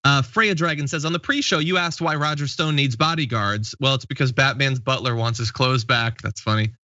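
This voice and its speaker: A man's voice: medium pitch, a little fast, bright, forceful tone, no echo, lo-fi sound. A man in his late thirties hosting a casual live stream, reading viewer comments aloud and laughing easily. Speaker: show host.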